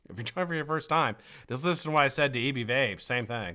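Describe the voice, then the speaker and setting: Man, live stream host, casual chat, bright forceful voice, very animated pitch, frog in his throat. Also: quick pace. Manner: energetic, greets viewers one by one.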